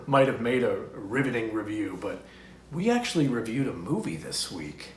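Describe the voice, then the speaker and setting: A man's voice: fairly low pitch, big pitch swings, moderate pace, a little mellow, reverberant. A man hosting a review show in a casual, jokey way, playfully reading aloud with silly sound effects. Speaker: podcast host and film reviewer.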